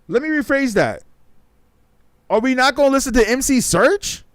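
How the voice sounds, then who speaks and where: A man's voice: extremely high pitch, expressive, normal speed, pauses often, fairly bright tone, no room sound, clean studio sound. A man hosting a talk show on a livestream, chatting casually in a rambling, profane and emphatic way.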